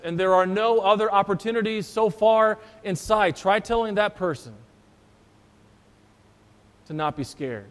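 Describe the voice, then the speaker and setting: A man's voice: high voice, big-room sound. A man, a pastor, preaching a sermon and telling a story in a conversational way. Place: church.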